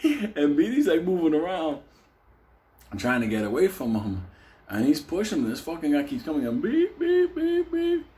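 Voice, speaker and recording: Profane, animated New man telling a story. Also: on the high side, moderate pace, pauses often. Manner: profane, animated, laughs often, acts out voices. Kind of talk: casual comedic storytelling.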